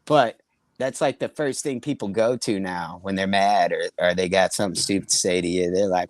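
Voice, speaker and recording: A man's voice: deep voice, moderate pace, dry recording. Profane rambling man telling stories. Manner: profane, laughing, rambling anecdotes. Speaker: comedy podcast host. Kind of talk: casual storytelling chat.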